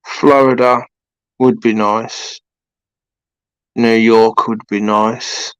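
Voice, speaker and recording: A British man in his forties hosts a casual live stream from his home. He talks slowly, rambling with frequent fillers and restarts. His voice sits close and dry, with no room sound. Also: lowish voice, little pitch movement, smooth, dry recording, low-quality recording. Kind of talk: casual chat with viewers.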